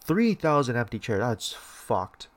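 A man's voice: mid-range voice, big pitch swings, a little slow. Blunt, swearing young American man. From United States. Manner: blunt and profane, with many restarts and mocking voices. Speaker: podcast host. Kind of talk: casual solo commentary reading news.

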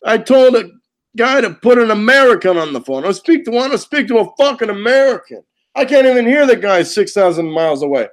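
A man delivering a profane comedic rant, loud and indignant, cursing constantly and laughing at his own lines. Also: high voice, very animated, a little fast.

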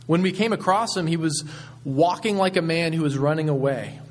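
Man reading as a baffled policeman, questioning, a little higher voice. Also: normal speed, soft background music, natural voice. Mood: confused. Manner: puzzled, questioning. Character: confused male policeman, adult.

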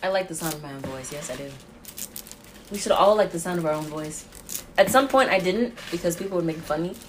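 Chatty over-caffeinated young mom. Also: female voice, fairly low pitch, animated, a little fast, slight background noise. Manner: chatty, jittery, laughs often. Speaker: podcast host and mom. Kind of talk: rambling casual monologue.

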